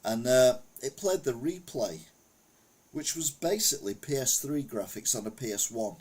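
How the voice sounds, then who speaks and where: Husky-voiced man rambling on a live stream. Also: mid-range voice, lively intonation, normal speed, a little mellow. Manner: rambling anecdotal storytelling, reads chat aloud. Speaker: retro gaming streamer. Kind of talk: casual live-stream chat.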